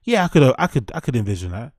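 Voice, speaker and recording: A man's voice: medium pitch, very animated, fast talker, darkish tone, no room sound, clean studio sound. A young British man hosting a casual reaction show, sarcastic, swearing, and firing mock questions at his chat. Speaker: host.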